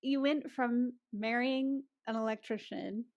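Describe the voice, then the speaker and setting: A woman hosting a podcast, asking gentle questions and affirming her guest. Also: a little high, unhurried, dry recording, lo-fi sound. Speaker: podcast host. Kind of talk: casual interview.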